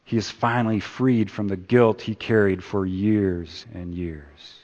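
A man preaching a sermon. He swings from loud emphasis down to hushed, repeated words. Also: fairly low pitch, steady tone, a little slow, highs cut off. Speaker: pastor. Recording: long hall reverb.

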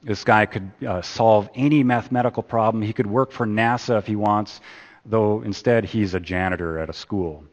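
A man preaching a sermon. He swings from loud emphasis down to hushed, repeated words. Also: fairly low pitch, normal speed. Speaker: pastor. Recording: long hall reverb.

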